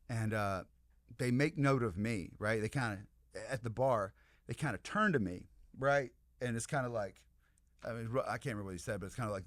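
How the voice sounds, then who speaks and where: An American man and podcast guest telling an animated, rambling story in casual chat, with many asides to the listeners. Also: medium pitch, fairly quick, no room sound, clean studio sound. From United States.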